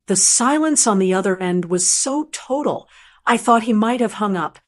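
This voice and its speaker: Calm woman narrating a first-person story. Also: medium pitch, a little slow.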